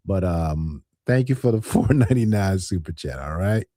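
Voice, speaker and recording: Lively, laughing male livestream host. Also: low voice, normal speed, dry recording, clean studio sound. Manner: animated, laughs often, talks back to chat. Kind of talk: casual livestream chat reading viewer comments. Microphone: headset or desk mic with earphones.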